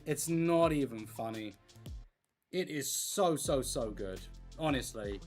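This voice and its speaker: An excitable livestream host gushes to chat while colouring a page, the voice swinging up and down. Faint music plays quietly behind the talk. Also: mid-range voice, takes it slowly. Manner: excitable and gushing, talking to chat.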